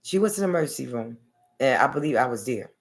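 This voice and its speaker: A woman's voice: rumbling low, expressive, fast talker. A woman vlogger telling a long personal story in a rambling, blunt way, often adding okay and honey.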